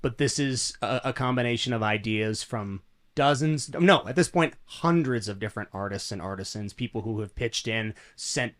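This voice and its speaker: A man's voice: mid-range voice, moderate pace, a bit bright. A man hosting a podcast in casual conversation, affirming his guest and asking eager, open questions. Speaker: podcast host.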